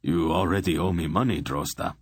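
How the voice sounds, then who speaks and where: A man's voice: deep voice, fairly quick, husky, no room sound. A man voicing a blunt, stubborn male merchant in an audiobook, speaking with dry mockery. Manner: blunt, mocking.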